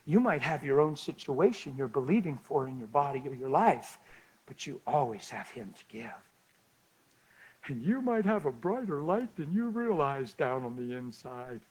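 A man preaching a sermon and telling a story, swinging between loud excitement and hushed, soft passages. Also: mid-range voice, normal speed, husky, poor audio.

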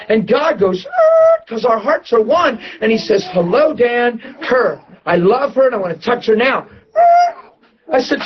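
A man preaching to a church audience, telling a story with lively laughter and excited outbursts. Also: very high voice, highs cut off. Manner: animated, laughing, voice jumps up when excited. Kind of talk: storytelling sermon.

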